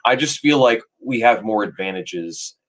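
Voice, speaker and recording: A man's voice: lowish voice, expressive, moderate pace, fairly bright tone. A man giving casual reaction commentary to a video, rambling and sometimes losing his train of thought.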